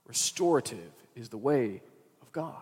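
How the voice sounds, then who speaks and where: A man's voice: medium pitch, lively intonation, measured pace, a little mellow, slightly rough. A male pastor giving a sermon, retelling a story in a conversational way with casual asides. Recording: reverberant hall.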